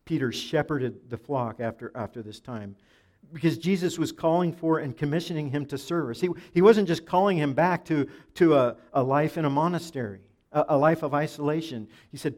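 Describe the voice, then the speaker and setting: A man preaching a Bible sermon, restarting phrases often and dropping softer when he quotes scripture. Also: medium pitch, brisk. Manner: preaching with frequent repeats and restarts, dropping soft for quoted lines. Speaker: pastor.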